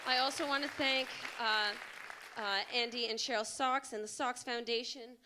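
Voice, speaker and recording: A woman's voice: fairly high pitch, steady tone, moderate pace, over a noisy crowd, very noisy. A woman giving an effusive live thank-you speech on a theatre stage into a handheld mic, repeating her praise. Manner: effusive and gushing, repeats words like incredible. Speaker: show director and producer. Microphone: handheld microphone.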